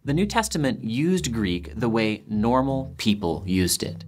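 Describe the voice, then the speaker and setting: A man presenting a documentary, narrating a script in a lively, lightly playful way. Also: mid-range voice, a little slow, faint music behind.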